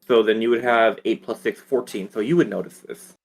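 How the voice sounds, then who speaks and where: A man's voice: lowish voice, brisk, gravelly. A man narrating as dungeon master for a tabletop game, rambling with fillers.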